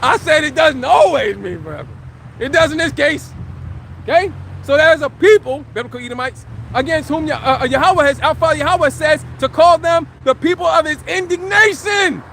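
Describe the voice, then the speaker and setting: A man giving a live religious teaching as a street preacher, emphatic, firing rhetorical questions and shouting scripture for drama. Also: extremely high pitch, expressive, moderate pace, vocal fry, slight background noise.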